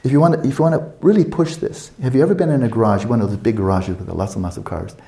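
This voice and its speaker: A man's voice: fairly low pitch, quick pace, vocal fry, dark tone, roomy sound. An older man giving a meditation teaching at a retreat, conversational and playful, acting out little quotes.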